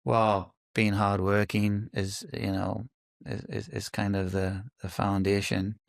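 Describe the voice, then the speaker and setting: A man's voice: on the low side, flat delivery, slow, gravelly, dry recording, studio quality. A middle-aged man from the UK, a podcast guest talking thoughtfully and hesitantly, with many fillers and restarts. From United Kingdom. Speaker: podcast guest, company founder. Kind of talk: casual interview conversation.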